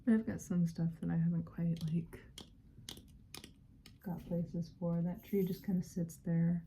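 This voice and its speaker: A woman's voice: fairly low pitch, little pitch movement, measured pace, warm tone, a little hiss or hum. A woman whispering in a friendly role-play, giggling and rambling through casual chat as a friend hosting a visit.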